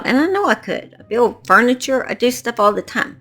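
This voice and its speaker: A chatty woman with a Southern accent, her voice pitched a touch high and ringing bright. She talks blunt and salty, straight to her viewers from a small backyard shed, with faint music under her. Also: sing-song, brisk. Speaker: true crime YouTuber. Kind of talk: casual chat to camera.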